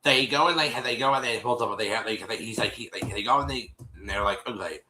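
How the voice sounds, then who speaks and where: Man, casual stream host, rambling retelling, lots of restarts, bright voice. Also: on the low side, fast talker, slight background noise, poor audio. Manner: rambling, many restarts, addresses listeners as y'all. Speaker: show host recapping an episode. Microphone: streaming setup microphone.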